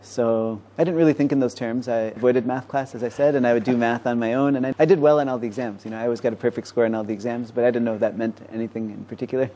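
A man's voice: mid-range voice, fairly even intonation, mellow. A man, a mathematician and professor, explaining ideas in a conversational interview with a patient, teacherly manner. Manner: explanatory, teacherly, quick-paced.

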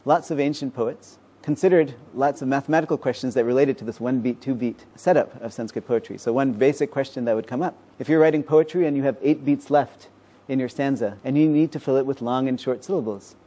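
A man's voice: mid-range voice, dark tone. A man, a mathematician and professor, explaining ideas in a conversational interview with a patient, teacherly manner. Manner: explanatory, teacherly, quick-paced.

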